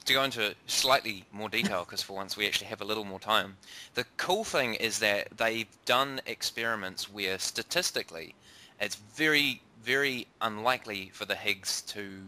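A man co-hosting a casual science podcast, enthusiastic and halting, with repeats and ums as he explains. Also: on the low side, sharp tone. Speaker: podcast co-host and science presenter.

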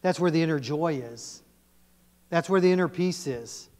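A male pastor preaching a sermon in a church, animated and emphatic, often quizzing his congregation. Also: a little high, moderate pace. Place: church sanctuary. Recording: long church reverb.

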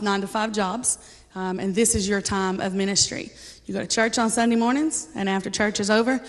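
A woman sharing a personal testimony with a church congregation, speaking casually and earnestly with frequent ums and light laughter. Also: medium pitch. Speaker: church member giving a testimony. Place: church sanctuary. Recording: reverberant church hall.

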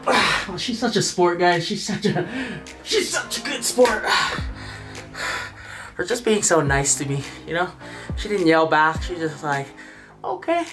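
A woman vlogging casually about her workout and cooking, chatty and playful, counting reps out loud. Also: lowish voice, a little slow. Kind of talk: casual workout vlog chat. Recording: echoey room with music playing.

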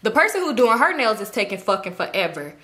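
Fast-talking bright-voiced young woman. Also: a little high. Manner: animated, profane, acts out quoted voices. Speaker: storytime vlogger. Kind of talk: casual storytelling.

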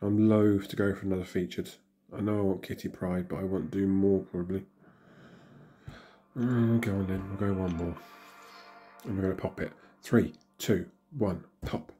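A hoarse man, still recovering from illness, casually commenting and muttering reactions as he opens in-game crystals. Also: deep voice, fairly even intonation, moderate pace, dark tone, soft background music. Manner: chatty, mutters reactions to himself. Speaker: gaming channel host.

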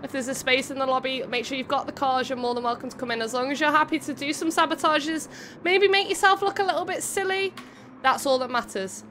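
High bright girl streaming a race, bubbly, chatting to chat, faint hiss behind. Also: quick pace. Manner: bubbly, giggly, chats to viewers between calls. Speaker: streamer hosting a racing game event. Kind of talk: live race commentary and chat.

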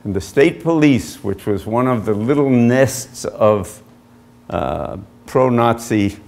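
A man, an author, giving an illustrated history lecture with measured storytelling and frequent pauses as he points to slides. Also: medium pitch, expressive, creaky, a little mellow. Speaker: author giving a book talk.

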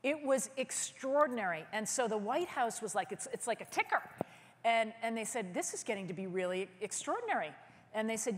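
A woman's voice: on the high side, a little fast, in a large hall, a little hiss or hum. Woman telling a story at a keynote. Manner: lively, acts out phone conversations in quoted voices. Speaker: keynote speaker, filmmaker. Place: conference hall stage.

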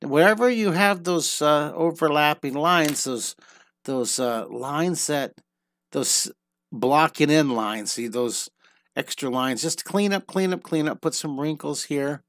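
A man's voice: a little high, slow pace, a bit bright, no room sound. Male art teacher, middle-aged, cheerful and encouraging, rambling restarts, tenor-ish, dry close mic. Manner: upbeat, encouraging, thinks aloud with many restarts. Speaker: drawing teacher. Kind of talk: live online drawing lesson.

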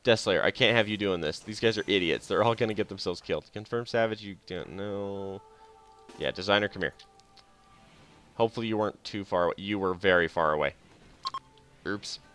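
A man with a lowish, fairly bright voice talks a little fast but leaves long pauses as he casually plays a strategy game on a live stream. He often chuckles and mutters to himself, and faint game music plays behind.

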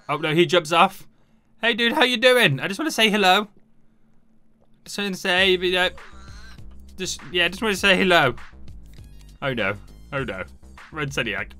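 Energetic male gamer, self-narrating, bright and sharp delivery with soft music under. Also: on the high side. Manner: animated, shouts and talks to himself while playing. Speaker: gaming YouTuber. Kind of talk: excited gameplay commentary.

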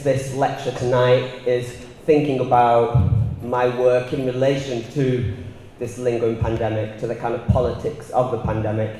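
A man with a Northern English accent giving an art lecture, measured and reflective, partly reading from a prepared text. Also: medium pitch, warm tone, slight background noise. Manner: measured and reflective, with filler ums. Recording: roomy hall with long reverb.

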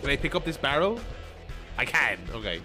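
A man giving excitable let's-play commentary, swearing freely and laughing often. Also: mid-range voice, fairly quick, soft background music. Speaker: gaming video host.

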